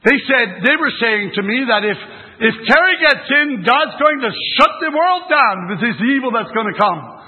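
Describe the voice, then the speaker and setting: Older man, preacher, very high voice, folksy rambling sermon, thin phone-like sound. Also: animated, normal speed. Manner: folksy, rambling storytelling with restarts. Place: religious meeting. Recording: tinny phone-like sermon recording.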